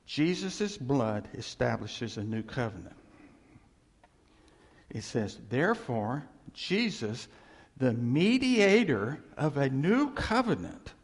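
Gravelly preaching man in a hall. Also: on the high side. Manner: animated preaching, swings from loud exclamations to hushed lines. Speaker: pastor. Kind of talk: sermon.

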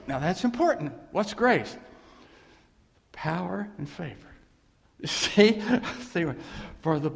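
A man's voice: high voice, very animated, slow pace, creaky, long pauses, big-room sound. A man preaching a sermon, telling stories and drawing in the congregation with repeated questions and amens. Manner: storytelling with call-and-response asides. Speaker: pastor.

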